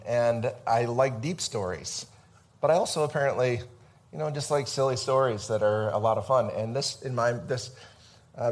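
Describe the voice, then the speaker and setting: Male pastor, mid-range voice, informal sermon on a church mic, rambling and conversational. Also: medium pitch. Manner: conversational, chatty, with many fillers and restarts. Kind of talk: casual sermon. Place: church sanctuary. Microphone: amplified microphone.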